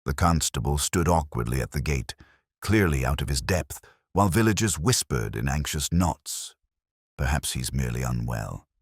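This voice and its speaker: A man hosting and narrating a classic detective story in a measured, solemn storyteller manner. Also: a bass voice, expressive, no echo, studio quality. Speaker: host and narrator.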